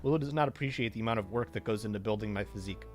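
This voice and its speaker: A man's voice: lowish voice, rapid-fire, soft background music, natural voice. A man reading out a proud, vain strongman from a game in a haughty, dismissive way.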